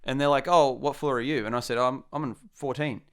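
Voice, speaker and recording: A young Australian man telling a casual anecdote, acting out the quotes in a lively way. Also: medium pitch, fast, clean tone. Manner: animated, acts out quotes. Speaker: storyteller guest.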